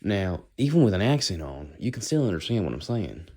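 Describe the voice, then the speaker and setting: Deep-voiced rambling American man. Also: sing-song, brisk, a little mellow, husky. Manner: rambling, musing, does playful accent impressions. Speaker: vlogger. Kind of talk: casual walking monologue.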